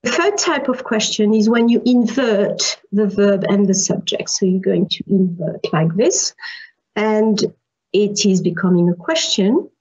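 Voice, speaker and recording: A woman's voice: medium pitch, measured pace, a little mellow, breathy edge, muffled recording. A female university lecturer giving an online French lesson, explaining patiently with examples and repeating key points.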